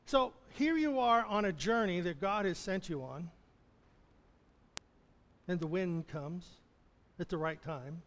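A man's voice: high voice, slow pace, long pauses, fairly bright tone, big-room sound. A man preaching a conversational sermon as pastor, chuckling often and restarting phrases.

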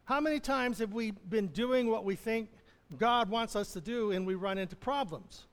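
Preaching at normal speed, a male pastor with a notably high, fairly bright voice keeps his sermon conversational, chuckling and starting phrases over. Long reverb fills the church sanctuary.

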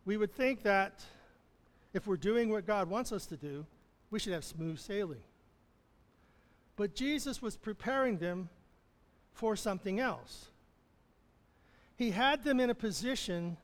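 In a reverberant church sanctuary, a pastor speaks in a notably high voice. He chuckles as he preaches, restarting phrases in a relaxed, conversational sermon.

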